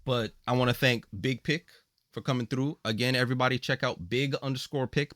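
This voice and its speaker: In a dry, studio-quality recording, a man with a mid-range voice hosts a casual gaming podcast. He's relaxed and joking with his guests, and he rattles off plugs for where to find the show.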